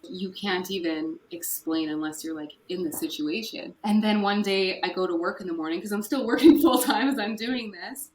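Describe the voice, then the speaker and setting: A woman's voice: medium pitch, normal speed, few pauses, a little mellow. Woman, podcast guest, candid and emotional, echoey room recording. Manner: candid, emotional, with nervous laughs. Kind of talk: personal story in an interview. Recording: echoey room with faint noise.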